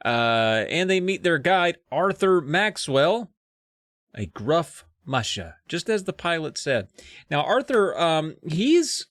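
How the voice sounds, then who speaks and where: A man's voice: medium pitch, a bit bright, dry recording, clean studio sound. A man casually retelling a children's book for laughs, rambling and voicing the characters. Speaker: podcast co-host. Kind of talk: casual comedic recap.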